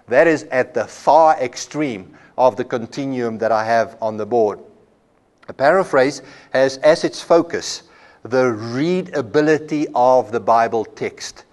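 A man lecturing at a Bible college in an unhurried, mid-pitched voice. He explains ideas with homely examples and often repeats a word as he restarts a phrase. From South Africa. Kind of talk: classroom lecture.

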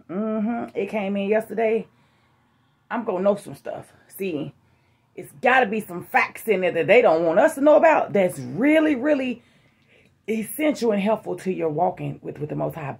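A woman's voice: medium pitch, creaky. A woman giving a casual, emphatic sermon to her online viewers, calling them family in a folksy way. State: out of breath. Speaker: online preacher. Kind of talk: casual prophetic sermon vlog.

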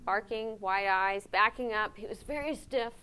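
Clear-voiced woman giving a lively lecture. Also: mid-range voice, normal speed. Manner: lively, asks the audience questions, frequent "right?". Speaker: veterinary behavior lecturer. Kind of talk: conference lecture.

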